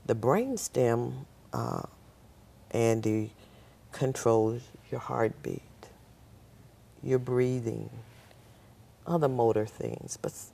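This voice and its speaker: A woman with an unusually deep voice tells her story as a talk show guest. Her voice has a gravelly, creaky edge. She tells it in a lively way and acts out the people in her story. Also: slow pace, long pauses. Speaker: nurse. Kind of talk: personal storytelling.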